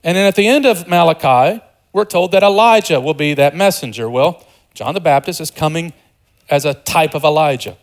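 Guy preaching a sermon, kinda high voice, chatty and jokey, gets loud then goes all hushed. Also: moderate pace. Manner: animated, swings between loud emphasis and hushed, softer passages; conversational and joking with the congregation. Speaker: pastor.

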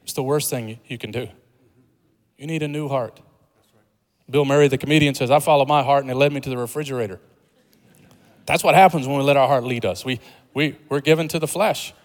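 A pastor preaches in a conversational, humorous style, building toward emphatic points. His medium-pitched voice is brisk with long pauses, and the recording carries long hall reverb.

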